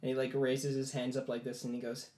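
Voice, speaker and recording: Casting: male game master, relaxed rambling narration, echoey room. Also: mid-range voice, fast talker. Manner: casual storytelling with many "like" fillers. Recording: roomy echo.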